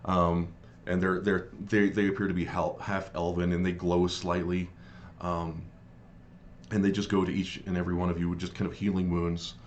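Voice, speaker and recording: A man with a very deep voice narrates a tabletop game as its game master. He talks in a halting, improvised way, pausing to find each word. A faint hum of room noise sits under his voice. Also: little pitch movement, dull audio. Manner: halting, searching for words.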